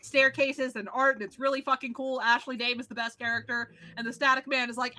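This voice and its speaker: A woman player rattling off a recap of the last tabletop session, excited and swearing freely. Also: high voice, a little fast, hardly any pauses. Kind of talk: casual chat.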